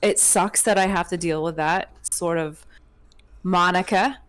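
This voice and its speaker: A woman's voice: fairly low pitch, fairly even intonation, a little slow. A woman from New Jersey co-hosting a podcast, chatting in a playful, sassy way with frequent laughs. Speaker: podcast co-host. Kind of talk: casual chat.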